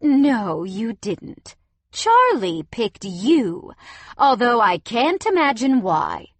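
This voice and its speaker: A woman's voice: fairly high pitch, big pitch swings, slow, dry recording, pitched above the performer's own voice, full character voice. A woman voicing a scornful middle-aged mother-in-law in an audiobook, cutting and sneering.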